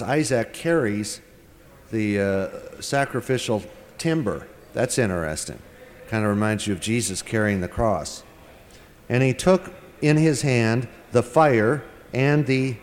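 A man giving a verse-by-verse scripture lecture, working through the text word by word with pauses and filler sounds. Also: on the low side, a little mellow, big-room sound. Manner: deliberate, translating word by word with frequent pauses and fillers. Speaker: Bible teacher.

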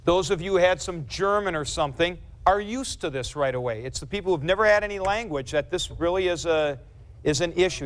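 A man's voice: on the high side, a bit bright. A man teaching a grammar class in a lecture, who explains carefully, repeats key points and corrects himself. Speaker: Greek teacher.

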